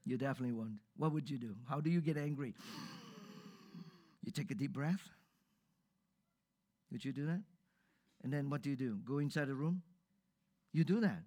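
A man's voice: mid-range voice, moderate pace, pauses often, warm tone. A man preaching a sermon to a live congregation in church, talking conversationally and putting questions straight to his listeners.

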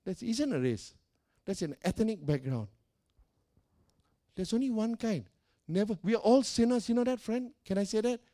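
A man's voice: sits high, lively intonation, normal speed, pauses often, mellow. A male pastor preaching a sermon, emphatic and repetitive, putting direct questions to his congregation.

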